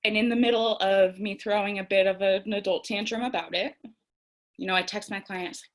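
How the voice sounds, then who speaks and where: A woman's voice: medium pitch, fairly even intonation, a little fast. A young woman speaking candidly to camera about tarot and self-care, reflective and conversational, laughing at herself now and then. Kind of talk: reflective spiritual talk to camera.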